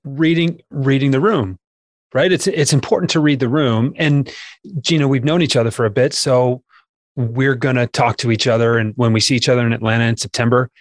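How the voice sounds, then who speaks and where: A man's voice: mid-range voice, fairly even intonation, a little fast, dry recording, studio quality. A man co-hosting a podcast, chatting casually about sales with playful asides.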